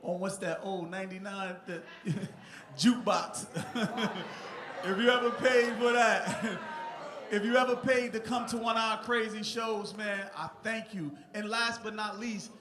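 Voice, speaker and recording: A middle-aged man from Newark, New Jersey, USA speaks a little slowly in a high, steady voice. His acceptance speech on a theatre stage is heartfelt and rambling, with many restarts, recorded with echoey theatre sound and background noise.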